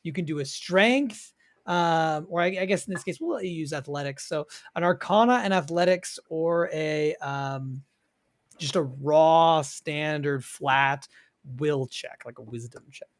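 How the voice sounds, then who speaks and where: Game master voice, tabletop narration, measured, descriptive, middle pitch, pauses often.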